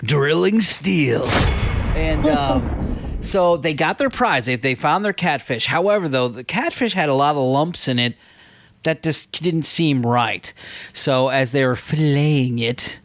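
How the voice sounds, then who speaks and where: A man's voice: fairly high pitch, animated, measured pace, slight background noise. A man hosting a casual podcast, joking and swearing freely as he reads out odd news stories. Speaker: podcast host.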